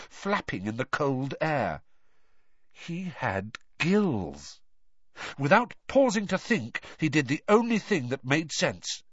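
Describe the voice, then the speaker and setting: Guy narrating an audiobook, really lively up-and-down delivery, dry dull lo-fi sound. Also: on the high side, no room sound. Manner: expressive storybook reading. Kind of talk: scripted narration.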